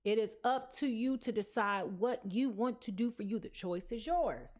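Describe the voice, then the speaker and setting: A woman's voice: on the high side, normal speed, darkish tone. A sleepy woman giving a casual tarot card reading, chatty and sassy, tossing in slang and pet names. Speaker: tarot reader.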